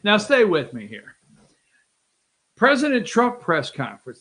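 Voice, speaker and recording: A host riffs over video clips in an animated, mocking way, talking straight to the viewers. The voice sits in a middle register and keeps jumping between asides and questions. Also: mid-range voice, measured pace. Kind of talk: casual commentary over clips.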